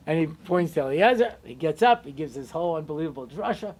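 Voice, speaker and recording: A man's voice: quick pace, few pauses. A male rabbi giving a storytelling Torah lecture, conversational with lots of asides. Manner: conversational, many asides and "you know"s; animated, shifting pitch and loudness.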